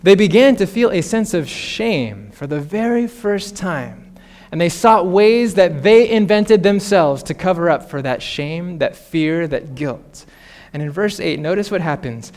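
A man delivers a sermon in a bright, high-pitched voice. He talks in an animated way, drifting into playful asides and short laughs. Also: unhurried. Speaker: pastor.

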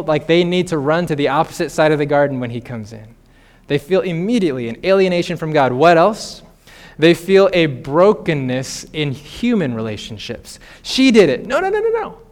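A man in his thirties preaching a sermon, animated, with playful asides and laughter. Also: on the high side. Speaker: pastor.

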